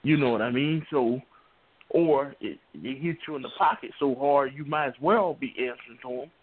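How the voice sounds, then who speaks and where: A man in casual panel talk, rambling and halting, often repeating himself. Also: medium pitch, breathy edge. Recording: phone-like lo-fi audio.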